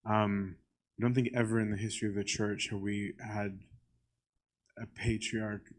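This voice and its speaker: A man's voice: on the low side, flat delivery, moderate pace. A male priest giving a casual church teaching talk, conversational and full of "um" and "right?". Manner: conversational, often asks "right?"; frequent "um" fillers.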